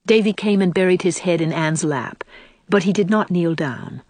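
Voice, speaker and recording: Audiobook narrator, female; expressive classic-novel reading, lower voice. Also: normal speed, no room sound.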